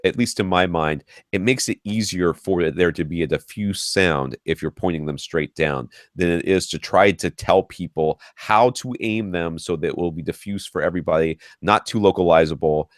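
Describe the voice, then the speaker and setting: A man's voice: low voice, normal speed, hardly any pauses, no echo, studio quality. A man co-hosting a podcast, explaining listener advice at length in a chatty way with restarts. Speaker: podcast co-host. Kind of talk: casual advice chat. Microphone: podcast mic.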